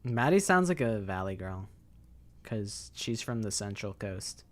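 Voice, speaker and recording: A man's voice: fairly low pitch, big pitch swings, a little slow. Young male streamer, casual rambling chat, loose and profane. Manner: rambling, swears, filler-heavy.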